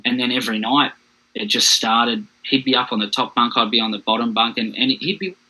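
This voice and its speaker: A man's voice: mid-range voice, brisk, sharp tone, rough recording. An Australian man, a podcast guest, telling his own hard story in a frank, plain-spoken way. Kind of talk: candid personal storytelling.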